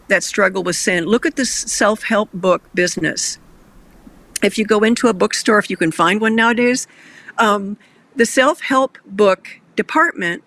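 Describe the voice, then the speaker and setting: Guy with a high gravelly bright voice, earnest christian talk show host, gets kinda emotional.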